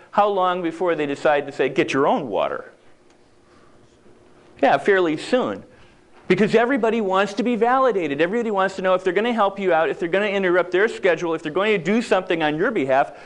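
Jokey, conversational man with a higher voice. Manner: conversational, jokey, acts out quoted lines. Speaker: speaker giving a talk. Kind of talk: humorous motivational talk.

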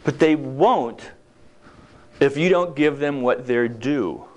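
A man's voice: medium pitch, slow. A man giving a humorous motivational talk in a conversational, joking way, acting out little quoted exchanges. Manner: conversational, jokey, acts out quoted lines.

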